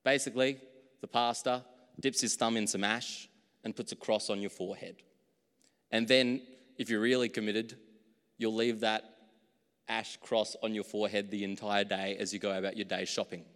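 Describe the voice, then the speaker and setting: A man preaching a sermon as pastor, in a relaxed conversational way that pokes fun at his own slips. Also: fairly low pitch, moderate pace, in a large hall.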